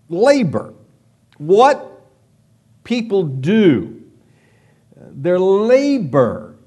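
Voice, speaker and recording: Guy preaching a sermon, slow and emphatic, voice goes up and down a lot. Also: high-pitched, a little mellow. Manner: dramatic, rhetorical questions, emphatic. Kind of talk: expository sermon.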